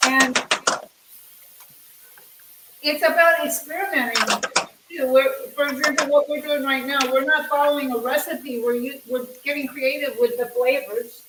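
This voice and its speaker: A high-voiced woman co-hosts a cooking segment, agreeable and explaining her cooking step by step. She sounds far from the mic in an echoey room, with kitchen clatter behind her. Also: fairly even intonation, moderate pace. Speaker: co-host cooking remotely. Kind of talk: casual chat. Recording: distant, echoey, noisy kitchen.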